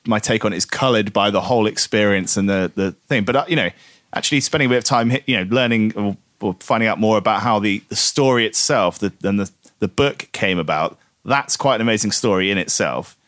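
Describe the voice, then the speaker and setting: A man's voice: on the low side, fairly quick, a bit bright, no room sound, studio quality. A man from Guernsey chatting casually on a podcast, reviewing a film in a rambling, hesitant way with many restarts. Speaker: podcast co-host.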